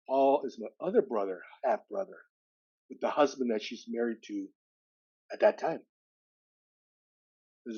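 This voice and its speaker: A man's voice: fairly low pitch, a little fast, long pauses, lo-fi sound. A man, a podcast guest telling a personal story with acted-out dialogue. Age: 60s. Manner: lively retelling with acted-out dialogue.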